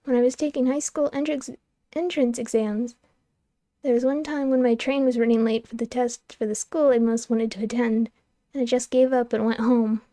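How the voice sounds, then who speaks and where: Young woman, streamer, narrating a game, wry, lively, mellow tone, dry close mic. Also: a little high, normal speed, no echo. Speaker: streamer reading a game aloud. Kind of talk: expressive narration of a game's text.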